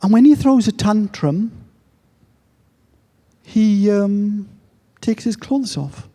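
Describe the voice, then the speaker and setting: A middle-aged man slowly telling a moving story at a gathering, with long pauses. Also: high voice, expressive, mellow. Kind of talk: slow, reflective storytelling talk.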